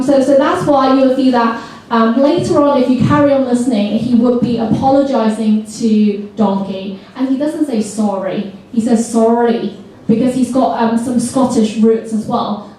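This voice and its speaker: A woman presents a training seminar to teachers, lively and coaxing as she gets the room to repeat words back. Her voice sits a little high. The recording is taken from a distance in a very echoey hall. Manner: lively, coaxes the audience to repeat words aloud.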